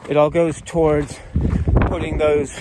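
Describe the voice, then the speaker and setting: A man's voice: fairly high pitch, level tone, a little slow. A man hiking outdoors on a mountain trail, talking into a camera he carries, earnest and upbeat, a bit out of breath from climbing. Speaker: hiker vlogging on the trail. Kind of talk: casual vlog while hiking. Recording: loud outdoor noise behind the voice.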